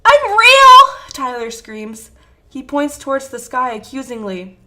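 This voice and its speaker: A woman's voice: on the high side, unhurried, a bit bright, a little hiss or hum. A woman reading a fan fiction story aloud with intense, emotive narration. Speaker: fanfiction reader.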